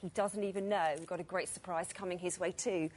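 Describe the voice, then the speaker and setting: A woman presenting on a shopping channel, bubbly and quick, reading out prices and item numbers. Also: lowish voice, fairly even intonation, a little mellow, slight background noise.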